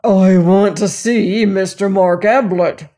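A woman voicing a rough, surly colonial man who growls his words loudly and bluntly. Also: mid-range voice, steady tone, slow pace, lightly acted. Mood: gruff, challenging. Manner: growling, loud and challenging.

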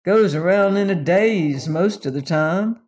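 A man's voice: high-pitched, a little slow, a little mellow. A man voicing a blunt, hesitant frontier townsman who speaks in rural dialect. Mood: gossipy.

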